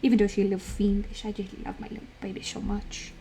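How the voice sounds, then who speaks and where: A woman's voice: medium pitch, flat delivery, fast, music in the background. Playful woman streamer doing baby talk. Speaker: livestreamer. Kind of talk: casual stream chat.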